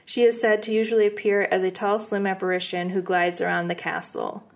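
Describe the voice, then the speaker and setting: A woman's voice: medium pitch, fairly quick, vocal fry. A woman co-hosting a podcast, casually recounting ghost stories with fillers and easy laughs. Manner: relaxed, rambling with fillers and laughs. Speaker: podcast co-host. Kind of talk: casual storytelling chat.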